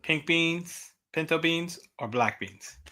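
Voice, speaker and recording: A man's voice: a little high, animated, slow pace, sharp tone. A man hosting a casual podcast, upbeat and jokey. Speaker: podcast host.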